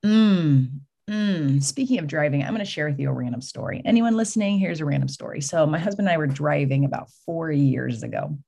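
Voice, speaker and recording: A woman talks as a podcast guest, her voice low and breathy-husky. She tells stories with energy and slips into the voices of the people in them before turning to a message of faith. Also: brisk. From California. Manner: animated storyteller, acts out quoted voices.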